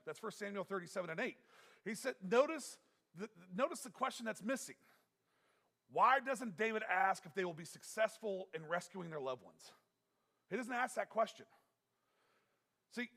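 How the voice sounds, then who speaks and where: A man's voice: high voice, creaky, fairly bright tone. A man preaching a sermon as pastor, earnest and emphatic, often repeating himself and restarting phrases.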